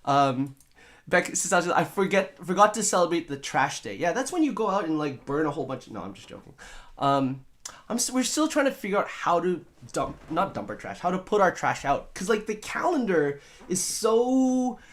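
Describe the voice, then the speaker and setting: A man's voice: sits high, very animated, normal speed. A man hosting a casual live stream from a home studio, chatting with viewers in a playful, rambling way full of jokes and wordplay.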